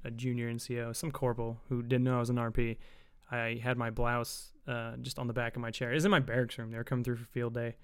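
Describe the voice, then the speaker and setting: A man chatting on a podcast, easygoing and agreeable, quick to laugh while telling a story from his service. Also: medium pitch, level tone, smooth. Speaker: podcast co-host, military veteran. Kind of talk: casual podcast chat.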